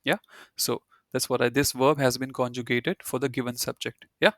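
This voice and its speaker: A man's voice: mid-range voice, fairly even intonation, normal speed, fairly bright tone, no room sound, studio quality. A man teaching German in an online video-call class, explaining at an easy pace with many "you know" fillers.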